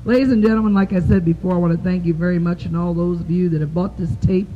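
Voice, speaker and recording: A woman's voice: on the low side, fairly even intonation, fast talker, dull audio. A woman telling crude, folksy jokes in a drawl on a live stand-up stage, full of "you know". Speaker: stand-up comedian. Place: live club stage before an audience. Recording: old tape recording, faint hiss.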